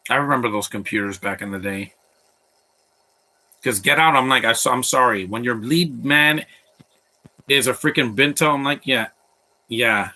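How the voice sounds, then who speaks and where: A man's voice: medium pitch, moderate pace, pauses often, pushed and bright. A man hosting a live movie commentary stream, blunt and opinionated, rambling with restarts.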